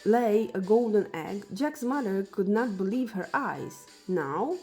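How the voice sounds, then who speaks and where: A woman reads a children's fairy tale aloud at a very slow, careful pace. Her voice sits at an ordinary middle pitch. Soft music plays faintly behind her. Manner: slow, deliberate storybook reading. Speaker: storyteller.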